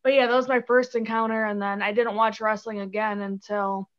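A woman's voice: medium pitch, flat delivery, fairly quick, fairly bright tone, muffled recording. A young woman from Chicago, a guest on a podcast, chatting casually and giggling, with many "like"s and "um"s. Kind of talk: casual interview chat.

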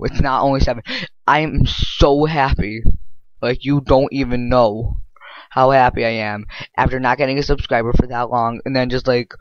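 Excitable rambling young man, lo-fi mic. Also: medium pitch, no echo. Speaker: gameplay commentator. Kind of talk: casual game commentary. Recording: dull lo-fi dry mic.

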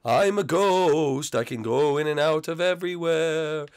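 A man voicing a sneaky, childish male ghost who schemes and speaks in a slow, drawn-out sing-song. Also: fairly high pitch, smooth, lightly acted. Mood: teasing.

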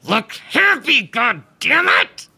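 A shrieking, foul-mouthed old producer. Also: male voice, extremely high pitch, very animated, slow, creaky, sharp tone, husky, pitched above the performer's own voice, exaggerated voice. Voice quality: shrieking, strained. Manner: screaming threats. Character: screaming elderly male TV producer, violent and foul-mouthed.

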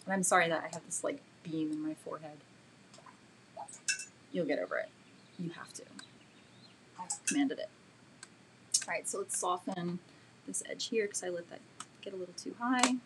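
A woman teaching a live painting demo and answering viewers' questions, chatty and self-deprecating, with many fillers, talking gently while she works. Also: lowish voice, normal speed, pauses often, slight background noise. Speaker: art instructor.

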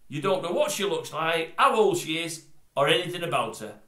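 A man's voice: fairly high pitch, lively intonation, normal speed, bright, forceful tone, reverberant. A man voicing a male TV presenter who asks probing, incredulous questions.

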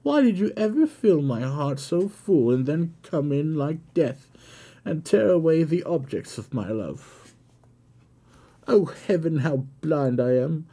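A man reading a classic novel aloud, voicing an anguished young blind woman in a high, raised voice. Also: sing-song, measured pace, husky, exaggerated voice. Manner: high, loud, cries out.

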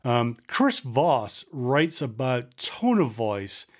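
A middle-aged man hosts a solo podcast in a Scottish accent that has drifted toward American. He talks quickly, sometimes runs words together, and sits at a typical male pitch. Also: sing-song. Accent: Scottish-American, faded Scottish. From Scotland. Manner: quick talker who sometimes mumbles words. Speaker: podcast host.

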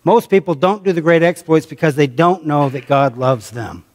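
American male pastor, slightly high voice, conversational sermon, long church-hall reverb. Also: normal speed, darkish tone. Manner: conversational preaching, calls on the congregation, repeats phrases for emphasis. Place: church sanctuary.

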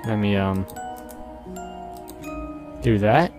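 A man's voice: lowish voice, drawn-out words, over music. A young man playing a horror game, jumpy and nervous, swearing often and laughing at his own scares. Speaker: gamer.

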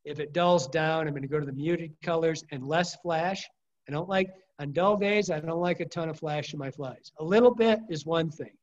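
A middle-aged man with a somewhat high voice teaches fly fishing in a loose, rambling way, piling up anecdotes with false starts and casual swearing. The recording sounds dull and lo-fi. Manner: rambling, colorful storyteller with frequent restarts and mild swearing.

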